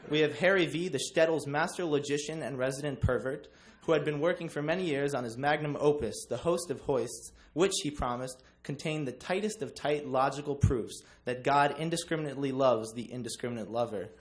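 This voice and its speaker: A man's voice: medium pitch, brisk, few pauses. A young man giving a class book presentation, joking with many ums. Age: young adult. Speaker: student presenter.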